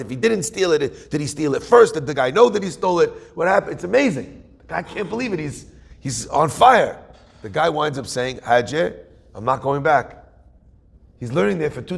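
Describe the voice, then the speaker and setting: A man's voice: fairly high pitch, creaky, slightly rough. A man, a rabbi, telling a story in a Torah class, acting out the dialogue of each character.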